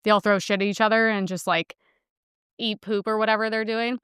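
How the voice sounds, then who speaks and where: Young woman host rambling bluntly, lots of "like", bright crisp voice, dry sound. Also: mid-range voice, little pitch movement, brisk, no echo. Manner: chatty and blunt, heavy filler words, crude. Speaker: podcast host. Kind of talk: casual monologue.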